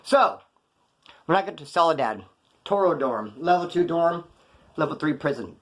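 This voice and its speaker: A man telling prison stories in a rapid, slangy monologue, acting out the voices of the people in them. He is from Kern County, California. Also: fairly high pitch, expressive, fairly bright tone. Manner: rapid, slangy, quotes others in put-on voices. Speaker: prison storyteller vlogger. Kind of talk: fast casual storytelling monologue.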